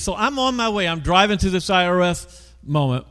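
A man's voice: high-pitched, animated, brisk, a bit bright, big-room sound. A male pastor telling a story in a conversational sermon, often putting questions to the congregation.

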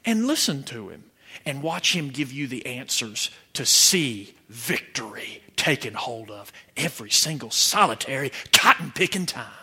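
A man from preaching a sermon, telling stories with animation and breaking into shouts. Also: mid-range voice, measured pace, husky. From Georgia, USA. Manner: animated storytelling, bursts into shouting.

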